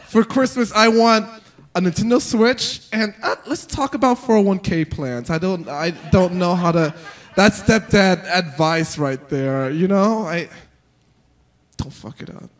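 A male stand-up comedian performing live, with a rambling, animated delivery full of fillers and sudden jumps into exaggerated voices. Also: high-pitched, a little slow.

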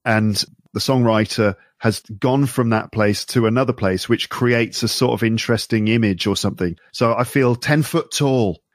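Male co-host, inquisitive, casual talk, average pitch, dry sound. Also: normal speed, few pauses, dry recording. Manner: curious, asks questions and sums up points. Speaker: podcast co-host. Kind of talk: casual conversational discussion.

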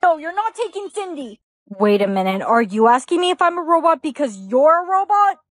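A young woman with a high voice delivers short skit lines in a casual, conversational manner. The sound is dry and close, with no room around her. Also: big pitch swings, a little fast, no room sound. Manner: casual, plays several roles in turn. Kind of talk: acted POV skits.

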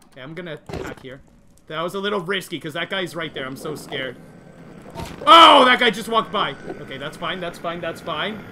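A man streaming a game live, nervously and excitedly talking to his chat as he plays. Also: a little high, brisk, a little hiss or hum. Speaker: gaming livestreamer. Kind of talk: live gameplay commentary.

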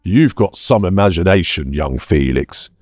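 Man doing thick-headed sewer jack, blunt and mocking, low voice. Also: expressive, moderate pace, a little mellow, no echo. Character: dim-witted male sewer worker, mocking. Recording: dry close mic, faint music bed.

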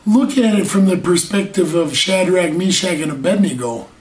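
A man's voice: high-pitched, animated, normal speed. A man preaching a sermon earnestly, stretching out key words and asking rhetorical questions, recorded from a distance in an echoey room. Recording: echoey room, mic far off.

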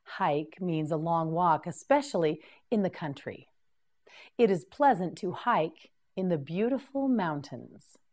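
A woman with a lowish voice leads a scripted English vocabulary drill. She speaks very slowly, repeating each word clearly and prompting the listener to repeat it. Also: animated, darkish tone.

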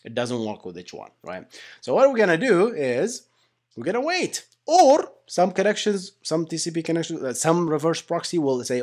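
A young adult man giving a casual whiteboard lecture on software engineering, conversational and animated, often tagging sentences with "right?" and addressing listeners as "guys". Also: on the high side, normal speed.

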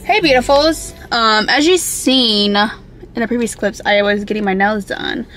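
A woman's voice: a little high, measured pace, fairly bright tone, soft background music, rough recording. A young woman from Milwaukee, vlogging in a chatty, upbeat way, rambling and swearing freely. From Milwaukee, Wisconsin. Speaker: vlogger and makeup artist. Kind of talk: casual vlog chat.

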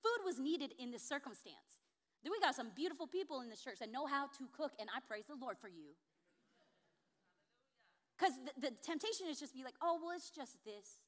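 A woman pastor preaching with a notably high voice. Her delivery is expressive, and it rises to emphatic, ringing peaks. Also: brisk, pauses often. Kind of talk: sermon.

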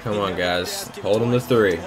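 A young man giving live, excitable commentary on his own football video game, swearing and shouting at the plays. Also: fairly low pitch, normal speed, a crowd in the background. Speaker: gaming YouTuber.

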